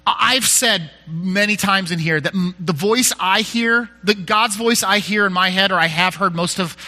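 A man's voice: high voice, normal speed, bright, forceful tone. A male pastor giving a conversational sermon, candid and self-deprecating, often restarting his sentences.

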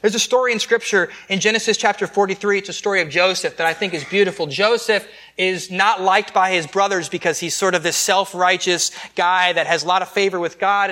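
Male pastor, high bright voice, chatty sermon delivery with restarts. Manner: conversational, with repeated restarts and self-deprecating asides.

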